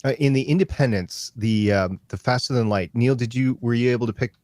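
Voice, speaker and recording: A man's voice: medium pitch, fairly quick, darkish tone, dry recording, studio quality. A man hosting a casual podcast, talking about comics in a rambling, stop-start, enthusiastic way. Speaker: podcast host.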